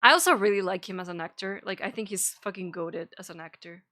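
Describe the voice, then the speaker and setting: A woman's voice: medium pitch, quick pace, pushed and bright. A young woman streaming, chatting casually and rambling between topics, giggling and swearing now and then. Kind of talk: casual chat.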